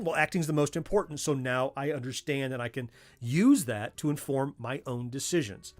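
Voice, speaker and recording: With soft background music behind him, a livestream host talks a little fast in an expressive, slightly high voice. He's a middle-aged Southerner broadcasting casually from a home workspace, and his chatter wanders off on tangents.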